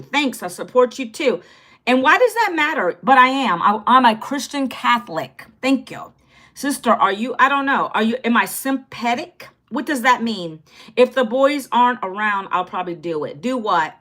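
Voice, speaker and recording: A woman in her fifties talks casually into her phone on a livestream. Her voice is bright and sits a little high for a woman. She greets viewers by name and keeps the chat upbeat and friendly. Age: 50s. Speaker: content creator.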